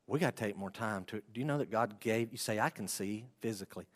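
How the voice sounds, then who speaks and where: A man's voice: lowish voice, quick pace, hardly any pauses. Man preaching in a reverberant hall. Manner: swings from hushed to loud pleading, acts out prayers. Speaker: pastor. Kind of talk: sermon.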